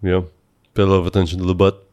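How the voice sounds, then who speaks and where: Laid-back low-voiced podcast host. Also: male voice, completely flat delivery, rapid-fire, darkish tone, highs cut off. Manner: laid-back, wisecracking, short replies. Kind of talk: casual podcast chat.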